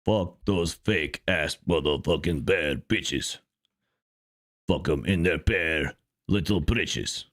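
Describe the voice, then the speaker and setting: A man's voice: extremely low pitch, slow pace, a bit bright, no echo, studio quality, voice pushed down, exaggerated voice. A man voicing a boastful male Russian bear mercenary in broken English with a put-on Russian accent, talking about himself in the third person during a gaming session. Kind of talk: gaming commentary skit.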